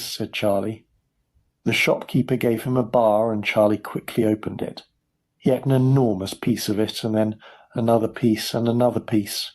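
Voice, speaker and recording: A male audiobook narrator reading a children's story for English learners. His delivery is clear and measured, paced for easy listening, in an ordinary mid-range voice. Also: mid-range voice, steady tone, a little mellow.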